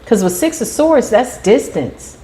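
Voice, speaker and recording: A woman giving a tarot reading in an animated, emphatic way, sometimes acting out the voices of the people she describes. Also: fairly high pitch, a little slow. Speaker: tarot reader.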